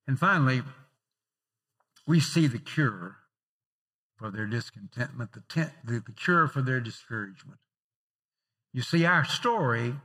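A male pastor preaching a sermon in a conversational way, telling personal stories and swinging from emphatic lifts to softer asides. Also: medium pitch, breathy edge. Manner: rising emphatic openings then dropping softer.

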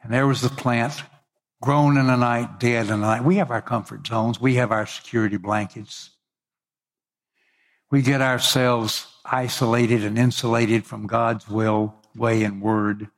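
A man delivering a sermon from the pulpit. He preaches with lively expression and lets his voice climb and grow louder when he acts out quoted words. His pitch sits in an ordinary middle range for a man. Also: a little slow. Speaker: pastor.

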